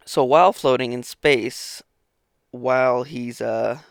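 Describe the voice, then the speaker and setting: A man's voice: medium pitch, slow, vocal fry, smooth, no room sound, studio quality. A man hosting his own podcast, talking alone in a rambling, profane, self-interrupting way, sleepy and yawning in the morning. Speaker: podcast host. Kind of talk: casual solo podcast monologue.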